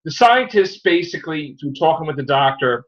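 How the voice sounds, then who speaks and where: Man, podcast host, slightly high voice, casual review chat, rambling animated retelling. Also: normal speed, lo-fi sound.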